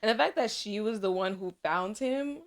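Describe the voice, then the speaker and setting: A woman's voice: mid-range voice, normal speed. A woman hosting a reaction video, chatty and emotional as she watches a drama series. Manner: excitable, emotional, chatty, laughing often.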